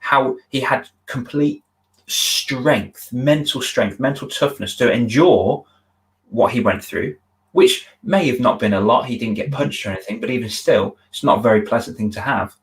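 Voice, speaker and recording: A man's voice: mid-range voice, lively intonation, normal speed, rough recording. A man, a confidence coach hosting a video-call interview, telling stories earnestly and with feeling, often restarting his sentences. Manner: earnest, emotional storytelling with many restarts. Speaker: confidence coach, podcast host. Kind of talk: conversational interview, storytelling.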